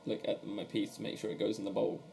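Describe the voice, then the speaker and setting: A man's voice: lowish voice, completely flat delivery, fast, vocal fry, mellow, a little hiss or hum. A man co-hosting a podcast in casual chat, rambling with lots of fillers and giving blunt opinions. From not American. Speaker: podcast co-host.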